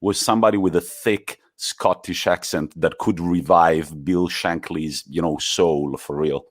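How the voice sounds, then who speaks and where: Italian-accented male podcast co-host, lowish voice, playful and teasing. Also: steady tone, a little slow. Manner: teasing, laughs often, some English slips. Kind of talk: casual podcast chat.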